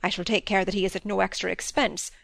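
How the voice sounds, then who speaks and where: A woman's voice: medium pitch, steady tone, fast talker, vocal fry, a bit bright, no echo. A woman reading aloud as a dry-witted, stern middle-aged male country doctor in a storybook. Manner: wry, then sternly lecturing.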